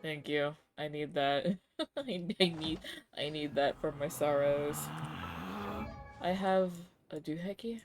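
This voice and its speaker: Slow-talking emotional woman streamer. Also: low-pitched, music in the background. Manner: emotional, exclaiming, reads game text aloud. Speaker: VTuber streamer. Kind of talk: live game stream commentary.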